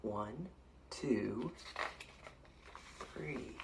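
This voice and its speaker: A man's voice: on the low side, animated, slow pace, creaky, pauses often. A man reading a picture book aloud to children, playfully inviting them to make animal sounds along with him. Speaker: storytime reader.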